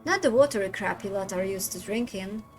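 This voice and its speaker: A woman's voice: mid-range voice, brisk, faint music behind, lightly acted. A woman doing a blunt, menacing gang heavy. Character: gruff threatening male Irish gang heavy.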